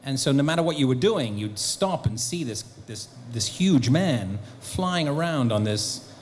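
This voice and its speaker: A man, a guest actor and author, telling lively anecdotes at a convention Q&A, acting out bits of dialogue. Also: mid-range voice, a little slow, slight background noise. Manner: animated storyteller, acting out quotes. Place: convention hall.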